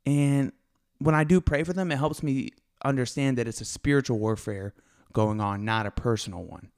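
A young man speaks quickly and with animated excitement on his solo podcast. His voice sits at an ordinary middle pitch, and he talks in a casual, conversational way. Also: smooth. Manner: fast, excitable, animated storytelling. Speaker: podcast host.

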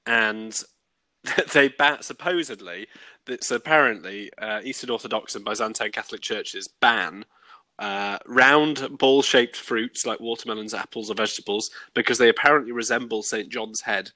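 A man's voice: lowish voice, normal speed, sharp tone, no echo. A man with a Northern English accent chatting on a podcast, laughing and teasing while reading out quiz facts. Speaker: podcast co-host. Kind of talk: casual chat.

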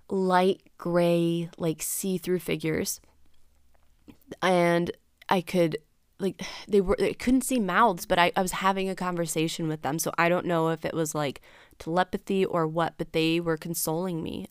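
A woman's voice: lowish voice, clear, resonant tone, no echo, studio quality. A young adult woman hosting a podcast, telling a personal story in a candid, rambling way full of fillers and acted-out dialogue. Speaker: podcast host.

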